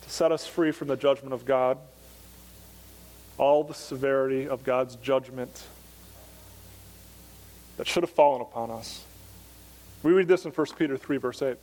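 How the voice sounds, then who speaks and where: A man's voice: medium pitch, steady tone, darkish tone. Earnest preacher man in a reverberant church. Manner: earnest preaching, slows down to stress key phrases. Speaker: pastor. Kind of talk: sermon.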